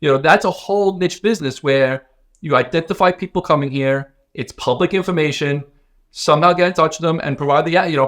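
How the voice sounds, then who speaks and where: Male podcast co-host, rambling, restarts a lot, slightly higher voice. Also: fairly bright tone. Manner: rambling, many restarts and fillers. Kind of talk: casual podcast chat.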